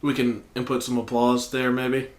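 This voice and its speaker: Southern man, podcast co-host, cussing storyteller, mid pitch, roomy echo. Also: normal speed, a little hiss or hum. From American South. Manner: profane, animated storyteller acting out quotes. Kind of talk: casual storytelling chat. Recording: echoey room.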